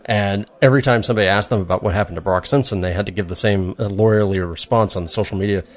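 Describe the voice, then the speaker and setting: A man's voice: fairly low pitch, quick pace. A man co-hosting a beer podcast in casual, rambling chat with many fillers. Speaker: podcast co-host.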